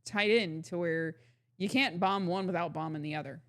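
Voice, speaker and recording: Low-pitched woman chatting casually. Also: moderate pace, a bit bright. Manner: chatty, asks naive questions. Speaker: podcast co-host. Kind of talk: casual chat about current affairs.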